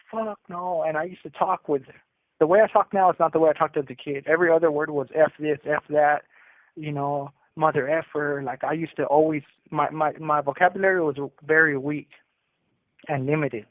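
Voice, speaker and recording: A man's voice: on the high side, fairly even intonation, a little fast, no room sound. Man telling his story over a tinny phone line. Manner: candid, streetwise, retelling youth memories. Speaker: incarcerated caller. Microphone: prison phone.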